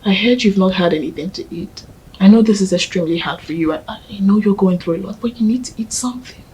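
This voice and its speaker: A woman's voice: mid-range voice, fast, slight background noise, lightly acted, rough recording. A woman playing a tender Nigerian comforter. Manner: soft, tender, often whispering. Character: young woman comforting her grieving partner. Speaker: grieving widow, then comforting partner. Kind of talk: Nollywood film acting.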